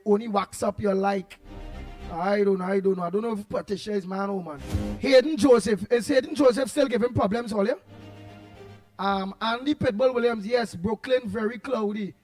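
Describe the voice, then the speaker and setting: A man with a Trinidadian accent hosting a call-in talk show, reading out listener comments in an animated way and bursting into shouts. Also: high-pitched, normal speed, dry recording, soft background music. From Trinidad and Tobago. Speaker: radio talk show host.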